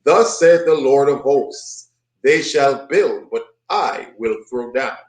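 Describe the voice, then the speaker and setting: A man teaching a bible study, commenting on a played video in an emphatic, mocking preaching manner that repeats points with rising pitch. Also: animated, slow pace, darkish tone, roomy sound, poor audio.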